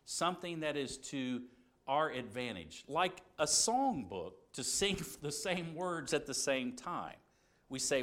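Lively-pitched man teaching a Bible lesson. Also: slow pace. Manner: earnest, reasoning aloud with rhetorical questions. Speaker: preacher.

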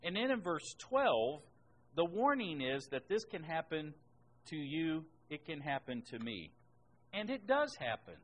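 Guy preaching a sermon, reads bible verses out, punches key words loud and high, bit of hiss. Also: big pitch swings, measured pace, low-quality recording. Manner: emphatic, rises in pitch and volume on key words. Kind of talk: sermon with scripture reading.

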